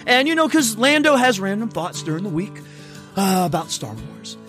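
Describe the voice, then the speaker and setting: A podcast host rants in a casual, swearing chat, his pitch leaping about as he builds to loud outbursts. Guitar music plays under the talk. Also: animated, normal speed.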